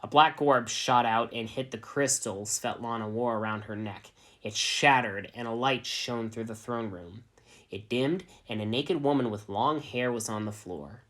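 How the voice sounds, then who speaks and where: A man narrating a fan fiction story in a deadpan, even reading voice. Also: mid-range voice, a little slow.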